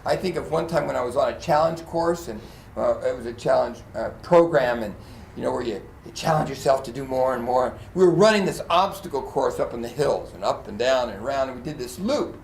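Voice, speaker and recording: A man's voice: medium pitch, brisk, gravelly, roomy sound, slight background noise. A man preaching a sermon as pastor, telling stories with lots of acted-out quotes and frequent laughter. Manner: animated storyteller, acts out quotes, laughs often. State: choked up at times. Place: church.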